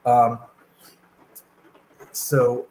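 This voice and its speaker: A man's voice: mid-range voice, completely flat delivery, drawn-out words, a little mellow, poor audio. A man talking as a guest in a casual political discussion over a video call, hesitant with many fillers and restarts.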